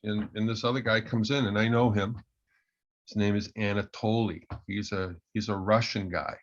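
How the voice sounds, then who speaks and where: Low voice guy coaching, lots of ums, dull muffled sound. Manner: hesitant, lots of ums and restarts. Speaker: agile coach and presenter. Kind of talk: storytelling talk at an online meetup.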